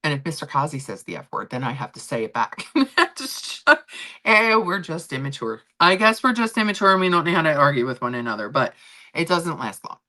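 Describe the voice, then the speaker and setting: Animated, chatty woman streamer. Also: low-pitched, brisk. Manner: chatty, animated, rambling with restarts. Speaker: livestream host. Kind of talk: casual chat with viewers.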